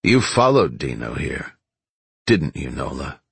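A man voicing a menacing middle-aged killer who is a father, speaking low, slow and taunting in an audiobook. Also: very animated, vocal fry, slightly rough, no room sound, exaggerated voice. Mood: cold menace. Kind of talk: audiobook character voice.

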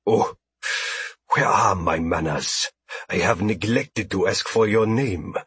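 A man doing a fawning, hushed alien trader. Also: lowish voice, takes it slowly, slight background noise. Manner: fawning, effusive, repeats words. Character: obsequious small alien trader, fussy male.

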